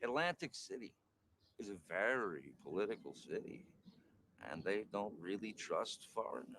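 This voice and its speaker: A brash, boastful man in a comedy sketch who keeps cutting people off. His voice sits low but leaps around a lot, with a faint hum of room noise behind it. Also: expressive, moderate pace. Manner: boastful, cuts others off. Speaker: comedic actor playing a brash tycoon.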